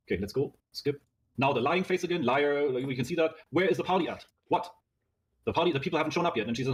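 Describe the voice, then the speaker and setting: Fast-talking man reading texts aloud. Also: a little high. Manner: stammering, repeats words. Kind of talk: reading text messages aloud.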